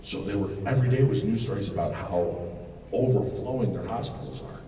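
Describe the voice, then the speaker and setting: A middle-aged man telling animated, joking stories to a live audience as a paranormal TV host, with loud outbursts. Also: fairly low pitch, brisk, crowd noise. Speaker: paranormal TV host giving a lecture. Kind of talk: storytelling talk to a live audience. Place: large expo hall. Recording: echoey hall, distant mic, noisy.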